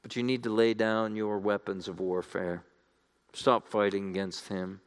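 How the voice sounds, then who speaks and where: A man's voice: lowish voice, little pitch movement, a little slow, clean tone. A man preaching a sermon, earnest and building to fervent appeals to his listeners.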